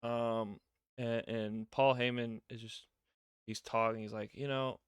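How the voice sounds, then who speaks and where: A man's voice: on the low side, slow, clear, resonant tone, dry recording, clean studio sound. Rambling young man recapping wrestling. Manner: rambling, filler-heavy, gets loud when excited. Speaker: wrestling show reviewer. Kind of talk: casual recap review.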